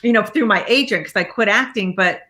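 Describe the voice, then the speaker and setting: A woman speaking as a guest life coach, telling her story in a casual interview, animated and acting out the voices of people she quotes, often laughing. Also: mid-range voice, brisk. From Iraqi family background, raised in America.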